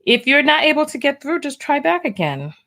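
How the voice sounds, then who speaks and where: A woman's voice: high-pitched, big pitch swings, fairly quick, bright, forceful tone. A woman hosting a live call-in show, chatting casually and upbeat with callers. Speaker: radio call-in host.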